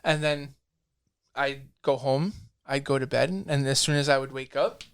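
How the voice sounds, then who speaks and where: A comic book writer in a casual interview, telling lively stories and acting out the people he quotes. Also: mid-range voice, moderate pace, clean tone. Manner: animated storyteller, acts out quoted dialogue.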